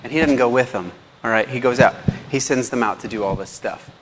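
A teacher gives a casual slide presentation, chatting and frequently checking in with his audience. He has a mid-range, fairly bright voice and speaks fairly quickly. There's long hall reverb and faint background noise.

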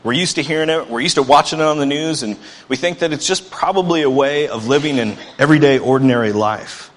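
A man's voice: a little high, fast talker, big-room sound, slight background noise. A man preaching a sermon as pastor, earnest and building to emphatic bursts.

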